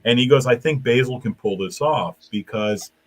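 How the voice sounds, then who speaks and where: A man who hosts the show and works as a comedian, telling anecdotes in an animated, casual way. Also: mid-range voice, moderate pace. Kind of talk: casual chat.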